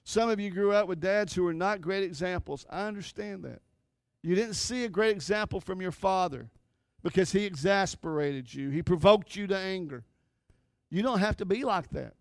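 A man's voice: high voice, moderate pace, vocal fry, no room sound, clean studio sound. A middle-aged man preaching a sermon with impassioned, rising and falling emphasis. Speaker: pastor.

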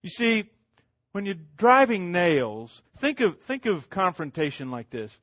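A middle-aged man preaching a sermon as pastor, swinging between loud emphatic lines and hushed ones, with much repetition. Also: high-pitched, very animated, unhurried, dry recording.

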